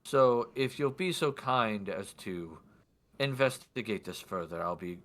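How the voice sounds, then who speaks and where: A man voicing a composed nobleman in white who questions people in a formal, quiet, probing way. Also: lowish voice, expressive, unhurried. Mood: grave.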